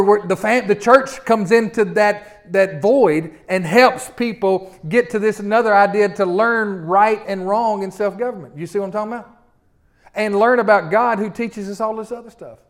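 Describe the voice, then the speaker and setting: A man preaching a sermon, teaching in a folksy way and reading scripture slowly with emphasis. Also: sits high. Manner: folksy teaching, often asks "see what I'm talking about?". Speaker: pastor.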